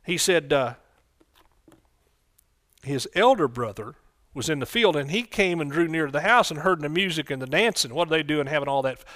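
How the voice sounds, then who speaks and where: A man preaching a folksy sermon in church, breaking into loud excited bursts. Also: a little high, moderate pace, no echo, clean studio sound. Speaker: pastor.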